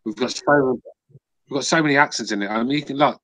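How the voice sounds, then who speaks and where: A man's voice: mid-range voice, quick pace, fairly bright tone, no room sound. A man from southern England with a southern English accent, hosting a podcast in casual chat, rambling with repeated words and swearing. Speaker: podcast host.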